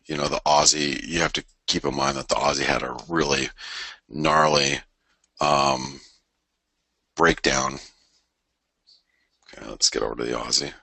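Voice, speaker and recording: A middle-aged man with a very deep voice talks through the markets live, rambling and tripping over restarts as he thinks aloud. His tone is bright and forceful, and the sound is dry and close with no room around it. He keeps it casual, like a host chatting to regular viewers. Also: gravelly, no room sound. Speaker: forex trading show host.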